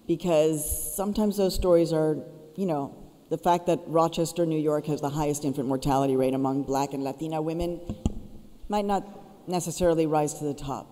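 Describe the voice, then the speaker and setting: A woman's voice: low-pitched, warm tone. A woman giving a keynote speech, telling stories and urging her audience directly. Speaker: keynote speaker. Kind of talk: public speech. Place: school auditorium. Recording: reverberant auditorium.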